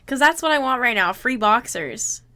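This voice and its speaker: Bright-voiced young woman livestreamer. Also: on the high side, moderate pace. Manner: animated, reacts loudly with exclamations and laughter; reads viewer messages aloud and answers them. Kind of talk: casual livestream chat.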